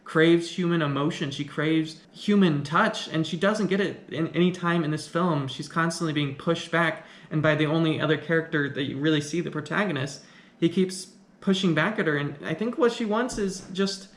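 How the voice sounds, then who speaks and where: A man's voice: on the high side, a bit bright. A man giving a casual film review, thinking aloud and questioning the plot as he goes. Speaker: film commentator. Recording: echoey room.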